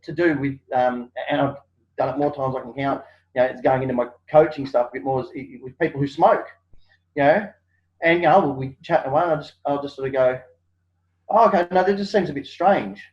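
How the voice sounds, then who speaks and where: A man's voice: mid-range voice, fast. A man, a guest in a casual interview, telling stories animatedly and acting out what people say, with many fillers. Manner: animated storyteller, acts out quotes, many fillers. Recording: dull lo-fi sound.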